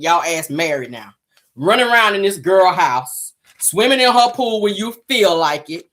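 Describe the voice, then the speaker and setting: A woman hosting her own gossip show, blunt, sassy and full of profanity. Her pitch swoops widely as she dishes her commentary. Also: a bit bright. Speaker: host.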